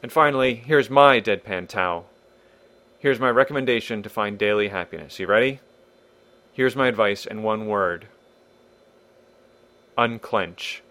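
A man's voice: lowish voice, measured pace, pauses often, fairly bright tone, no echo. A man hosting a podcast in a wry, irreverent monologue, swearing casually. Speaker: podcast host.

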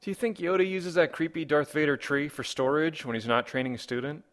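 A man's voice: on the high side, steady tone, fairly quick. Wry male comedy podcast host. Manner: wry, rambling rhetorical questions.

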